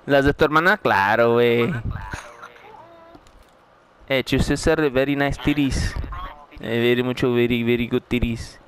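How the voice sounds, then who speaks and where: A man's voice: medium pitch, steady tone, moderate pace, long pauses, fairly bright tone, slight background noise. A man with a Mexican accent taunting another player in voice chat, mixing Spanish slang and broken English. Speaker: online game player. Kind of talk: trash talk over game voice chat.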